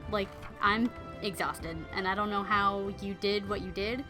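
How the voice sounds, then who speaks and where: A woman's voice: medium pitch, steady tone, measured pace, over music, close to an everyday voice. A woman voicing a friendly, modest male knight who speaks in laid-back modern slang and gets flustered. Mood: excited.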